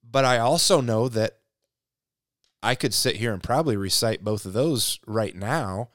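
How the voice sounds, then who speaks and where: A man's voice: mid-range voice, a little slow, fairly bright tone, no room sound, studio quality. A man co-hosting a casual faith discussion podcast, earnest and reflective, thinking aloud as he talks. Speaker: podcast co-host.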